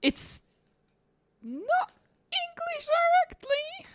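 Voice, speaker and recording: A woman with a high, lively voice chats casually in a guessing game. She giggles often and keeps doubting herself with a playful, self-mocking air. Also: drawn-out words, slight background noise.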